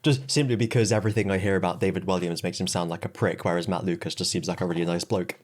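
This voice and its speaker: A man's voice: deep voice, fairly even intonation, quick pace. A man co-hosting a podcast, rambling in a wry, joking way and laughing at his own jokes. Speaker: podcast co-host. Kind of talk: casual comedic chat.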